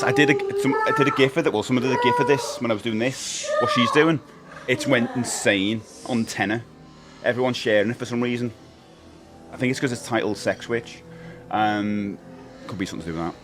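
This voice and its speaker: A man's voice: medium pitch, fairly quick, loud music behind the voice. A man chatting casually on a live game stream, jokey and talkative as he greets his chat by name. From England.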